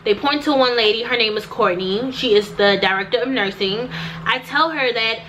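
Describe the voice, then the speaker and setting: A woman's voice: on the high side, fairly quick, bright, forceful tone, slight background noise, rough recording. A young woman vlogger recounting a personal story to the camera, emphatic and repetitive, talking straight to her viewers.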